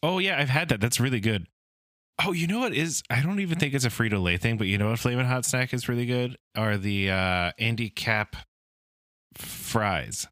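A man's voice: medium pitch, lively intonation, normal speed, a bit bright, no room sound, studio quality. A man co-hosting a comedy podcast, chatting casually and rambling with lots of "like". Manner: rambling, hedging with "like". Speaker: podcast co-host.

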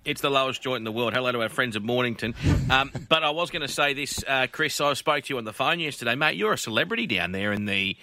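A man's voice: medium pitch, lively intonation, fast talker, hardly any pauses, sharp tone, dry recording. An Australian man hosting a radio racing panel, joking and laughing with the panellists. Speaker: host. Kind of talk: casual radio panel chat.

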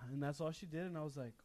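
A young man co-hosting a casual podcast, telling an embarrassing story with lots of laughter and swearing. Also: fairly high pitch. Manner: animated storyteller, laughs often, swears freely. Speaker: podcast co-host.

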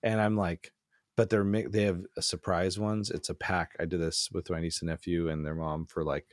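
Young guy with a really low voice, rambly jokey chat, dry close sound. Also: flat delivery, normal speed, dry recording. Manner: rambling, jokey, sarcastic storytelling. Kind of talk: casual chat.

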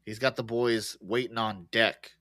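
A man co-hosting a podcast, chatting casually and relaxed about a movie, swearing easily and restarting his sentences. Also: fairly low pitch, measured pace, no room sound. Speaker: podcast co-host. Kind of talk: casual movie-recap chat.

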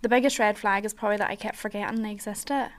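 A woman's voice: mid-range voice, steady tone, fast. A woman with a Northern Irish accent, a podcast guest in casual chat, blunt and frank with heavy swearing.

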